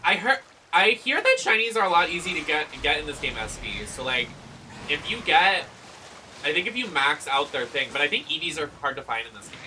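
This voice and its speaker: A man from Boston with a Boston accent, chatting casually while streaming a game, greeting viewers and breaking into loud excited exclamations. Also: fairly high pitch, a little fast, slight background noise.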